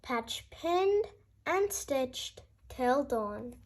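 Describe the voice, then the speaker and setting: A woman narrating a children's bedtime story with a gentle, expressive delivery. Her high voice rises and falls a great deal, and she reads slowly and calmly. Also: noisy background. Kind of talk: bedtime story read-aloud.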